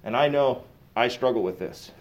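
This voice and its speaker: A man's voice: medium pitch, moderate pace. A middle-aged male pastor giving a conversational sermon with casual asides and light chuckles.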